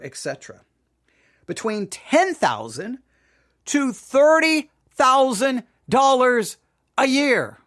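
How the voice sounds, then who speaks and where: A man's voice: high voice, a bit bright. A man giving an emphatic monologue to viewers, repeating figures and asking rhetorical questions, his voice cracking. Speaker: Christian commentator.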